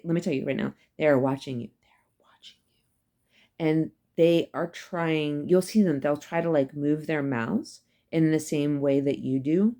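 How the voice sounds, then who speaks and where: Female professor with a low voice, conversational lecture, emphatic with lots of fillers. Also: dark tone. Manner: chatty and emphatic, many fillers and asides. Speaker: psychology professor. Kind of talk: casual recorded lecture.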